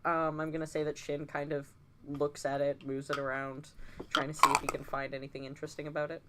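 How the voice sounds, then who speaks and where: A woman playing a tabletop game in a relaxed, casual way. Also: sits low, fairly quick, heavy background noise. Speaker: player.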